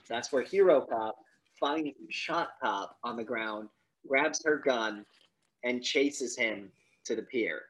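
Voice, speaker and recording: A young man co-hosting a casual podcast movie review, retelling the plot with animated quotes of the characters. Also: medium pitch, slight background noise, poor audio. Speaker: podcast co-host.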